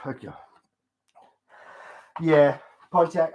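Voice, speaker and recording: A Scottish man rambles through a late-night livestream after a few drinks, swearing freely and ranting to the people watching. His voice sits a little higher than most men's. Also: moderate pace, darkish tone, a little hiss or hum. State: drunk. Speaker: livestream host.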